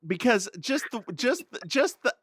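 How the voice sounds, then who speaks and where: Male podcast co-host, teasing banter, lively pitch, bright tone, dry close mic. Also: normal speed, breathy edge, no room sound. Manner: teasing, playful, repeats phrases for comic effect. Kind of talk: casual chat.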